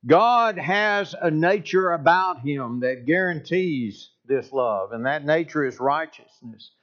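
A man preaching a sermon as pastor, speaking in a deliberate, emphatic way and repeating phrases to drive points home. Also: a little high, animated, a bit bright, muffled recording.

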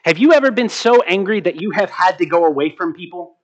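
A man preaching a sermon as pastor, slowing down to stress key words and asking rhetorical questions. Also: high-pitched, lively intonation. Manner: asks the congregation rhetorical questions.

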